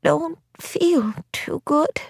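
A woman's voice: high-pitched, lively intonation, extremely slow, creaky, dry recording, clean studio sound, pitched above the performer's own voice, full character voice. A woman doing a weak, wavering old granny. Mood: feeble. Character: frail feverish old grandmother.

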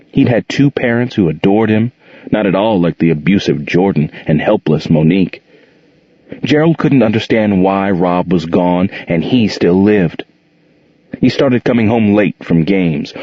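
Man, deep voice, husky, steady audiobook reading, dry and muffled recording. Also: dry recording. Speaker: audiobook narrator. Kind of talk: scripted narration.

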